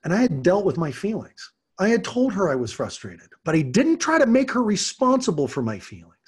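A man's voice: high-pitched, wildly swooping pitch, a little fast. A middle-aged man hosting a podcast monologue, giving earnest parenting advice and acting out quotes from kids and parents. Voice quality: husky. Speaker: podcast host, parenting coach and martial arts teacher.

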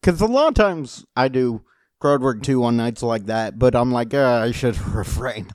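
A man's voice: mid-range voice, expressive, no echo, clean studio sound. A man, a comedian and podcast co-host, chatting casually, laughing a lot and tossing in movie references. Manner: laughs often, quick reactions and movie references. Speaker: podcast co-host, stand-up comic. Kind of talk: casual chat.

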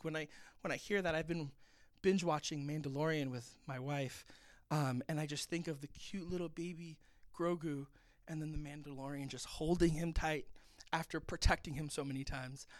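A man's voice: on the high side, steady tone, normal speed, no room sound, clean studio sound. A man reading scripture aloud and explaining it in an earnest, reflective way, as a pastor giving a Bible talk.

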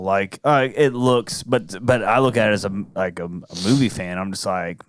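Low-voiced rambling man hosting a podcast. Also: normal speed, hardly any pauses, slight background noise. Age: adult. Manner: rambling, full of "like" fillers. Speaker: podcast host. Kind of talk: casual movie-review chat.

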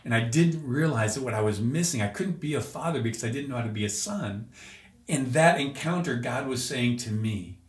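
A man's voice: mid-range voice, expressive, brisk. Earnest man sharing a testimony. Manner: earnest, emotional storytelling with restarts. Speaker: podcast guest. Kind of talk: personal testimony in an interview. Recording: roomy echo.

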